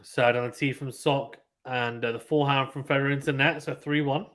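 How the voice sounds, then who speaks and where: A man calling a match live on a stream in casual play-by-play, getting excited and reading out viewer chat. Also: medium pitch, brisk.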